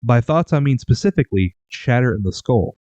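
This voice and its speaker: A man's voice: mid-range voice, expressive, brisk, a little mellow, no echo, muffled recording. A young man co-hosting a podcast, casually telling a rambling story. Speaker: podcast co-host.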